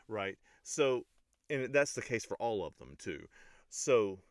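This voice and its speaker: Deep-voiced man explaining poetic meter. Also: takes it slowly, no echo, studio quality. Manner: pedantic but relaxed, many ums and restarts. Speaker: English teacher and music reaction host. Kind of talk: casual explanatory lesson.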